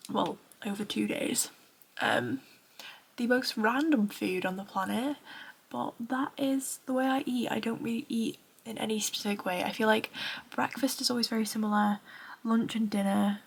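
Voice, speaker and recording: A young woman in her twenties with a Northern English accent, chatting casually in a tired, soft, half-whispered voice at home at night. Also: fairly high pitch, steady tone, normal speed, creaky, husky. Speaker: running vlogger. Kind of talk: casual vlog chat.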